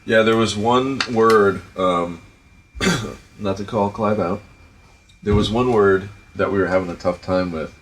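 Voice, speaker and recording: A man in middle age speaks with a thick Providence accent in a fairly low voice. He chats casually as a show host, animated and a bit profane, piling up fillers and acted-out dialogue. A faint noise sits under the recording. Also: a little slow. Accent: Rhode Island (Providence). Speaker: podcast host and film director. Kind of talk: casual storytelling chat.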